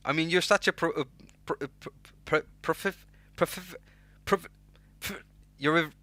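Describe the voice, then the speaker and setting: A man's voice: a little high, normal speed, bright, forceful tone, no room sound. A young Swedish man with a Swedish accent, hosting an unscripted livestream and talking loosely with restarts while reading chat. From Sweden. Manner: rambling, restarts words, reads chat names aloud. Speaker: livestream host and music producer.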